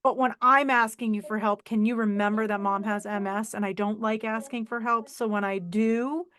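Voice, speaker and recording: A woman in her forties hosting a podcast, telling a personal story in a lively, emotional way over a video call. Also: mid-range voice, normal speed. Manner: animated, emotional storyteller who acts out voices in quotes. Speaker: podcast host. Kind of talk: casual conversational storytelling.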